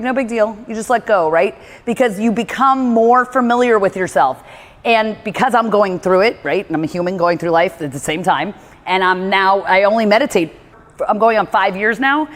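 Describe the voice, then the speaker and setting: Woman, casual motivational talk, rambling, says "like" a lot, mid-pitched, long room echo. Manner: chatty, rambling, heavy use of "like"; acts out her own inner dialogue in quotes. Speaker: motivational speaker on meditation. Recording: reverberant room.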